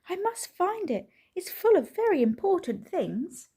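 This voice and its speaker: A woman voicing a fussy, frantic grown businessman in a children's storybook, calling out high and loud. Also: expressive, slow pace. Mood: worried. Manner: high, loud, urgent cries.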